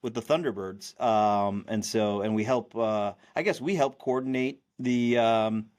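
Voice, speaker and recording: A man's voice: fairly low pitch, measured pace, a little mellow. A man co-hosting a podcast in casual chat, rambling with many restarts and fillers. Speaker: podcast co-host.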